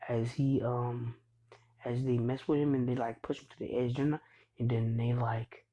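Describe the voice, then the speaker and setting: A man's voice: medium pitch, flat delivery, normal speed, dark tone, dull audio. A young man casually retelling a fan story in a rambling way, full of fillers and "he's like".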